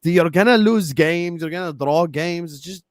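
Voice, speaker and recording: A man's voice: a little high, moderate pace, no room sound, clean studio sound. A man in a heated casual football debate, teasing and needling the others. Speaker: football panel guest.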